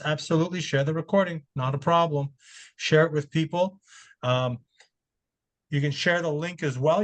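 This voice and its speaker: A man hosting a webinar over a video call, talking loosely and often repeating his words. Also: fairly high pitch. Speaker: webinar host. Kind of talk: casual webinar chat.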